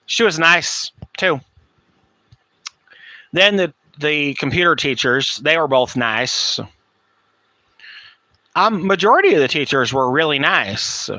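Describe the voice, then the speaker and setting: A man's voice: a little high, bright, forceful tone, no room sound. A man hosting a podcast, telling a rambling personal story in a blunt, profane, casual way. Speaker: podcast host.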